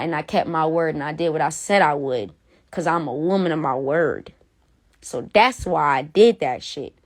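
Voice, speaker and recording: A woman ranting on a phone live stream, blunt and profane, repeating herself for emphasis. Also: deep voice. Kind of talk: heated casual rant.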